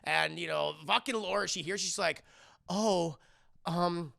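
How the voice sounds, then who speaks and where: A man streaming live, recapping a movie in a casual, animated, profane way and talking to his chat. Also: high voice, a little fast, gravelly.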